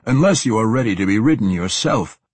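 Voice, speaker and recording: Old male half-orc merchant played by a man, audiobook character, low husky voice, genteel, chuckling. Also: animated, fairly quick, dry recording. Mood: wry amusement.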